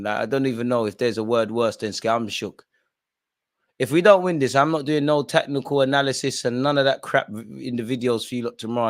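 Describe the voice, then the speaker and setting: A man's voice: medium pitch, a bit bright. A young man hosting a live football watch-along, ranting at the referee and swearing, full of street slang. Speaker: streamer.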